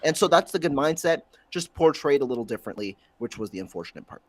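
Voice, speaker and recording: A man co-hosting a casual sports talk show, explaining his view in a measured way. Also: fairly high pitch, expressive, no room sound. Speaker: co-host.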